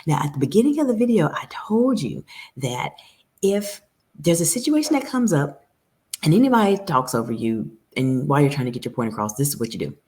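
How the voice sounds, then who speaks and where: A woman's voice: sits low, sing-song, a little fast, dark tone. A woman coaching professional women on communication, speaking straight to her viewers in an earnest, advisory way. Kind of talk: direct-to-camera coaching talk.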